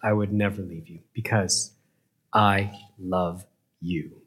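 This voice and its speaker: A man voicing a gentle, reassuring mother in a storybook tale, speaking softly and tenderly. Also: low-pitched, fairly even intonation, takes it slowly, husky, pitched below the performer's own voice, heavily acted. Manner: soft and tender.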